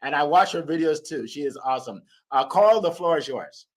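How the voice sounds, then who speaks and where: A man hosting a live motivational call, his voice sitting slightly high for a man. He talks in a loose, upbeat way, hyping each speaker and laughing easily as he hands over the floor. The sound is of a voice on an audio call. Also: animated, fairly quick. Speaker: host. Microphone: phone or computer on an audio call.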